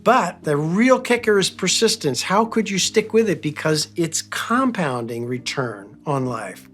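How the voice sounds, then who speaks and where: Earnest man telling a story over soft music. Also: a little high, very animated, measured pace. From Philadelphia, United States. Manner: earnest storytelling, builds emphasis on key phrases. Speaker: speaker. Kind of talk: motivational talk.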